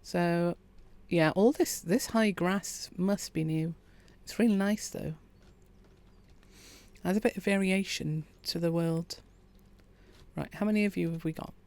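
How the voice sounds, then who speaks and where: A woman, quietly commentating a farming game and chatting with her viewers. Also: on the low side, measured pace. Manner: quiet, relaxed, chats with viewers. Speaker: streamer. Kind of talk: calm gameplay commentary.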